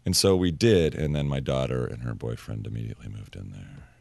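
A man in his fifties chatting as a radio show guest, joking in a dry deadpan way. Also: extremely low pitch, a little fast, creaky, no room sound. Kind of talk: casual radio interview chat. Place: radio studio.

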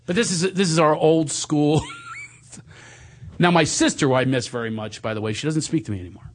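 A man telling stories in casual chat, animated and quick to slip into silly voices. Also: fairly high pitch, a little hiss or hum. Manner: animated storyteller, slips into silly friend voices.

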